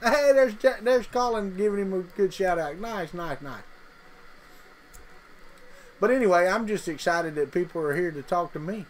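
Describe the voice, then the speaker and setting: A man's voice: sits high, normal speed, long pauses, a little hiss or hum, poor audio. A man with a Southern US accent, hosting a casual livestream and chatting folksily with viewers as he reads their comments. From Mississippi. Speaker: livestream host.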